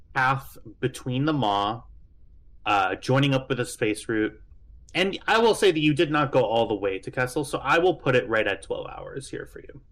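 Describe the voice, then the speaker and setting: A man running a tabletop game as game master, halting and full of fillers as he explains. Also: medium pitch, a bit bright, poor audio. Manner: halting, lots of fillers and restarts.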